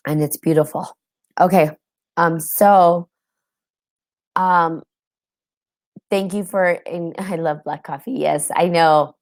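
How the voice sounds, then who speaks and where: A woman's voice: on the low side, fairly even intonation, slow, pauses often, dry recording, clean studio sound. A woman hosting a casual spiritual podcast, chatty and tired, with many ums and frequent laughs. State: tired, yawning. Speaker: podcast host. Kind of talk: casual spiritual talk with live audience.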